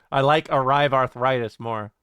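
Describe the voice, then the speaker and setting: A man streaming and reading chat aloud, joking, laughing and swearing in quick casual banter. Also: medium pitch, a bit bright, clean tone, no echo.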